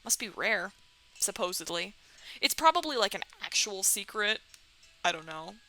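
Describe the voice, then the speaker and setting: A young woman commentating on a dating game she is playing, giggly, sarcastic and expressive. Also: mid-range voice, normal speed, rough recording. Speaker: let's-play host. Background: faint music.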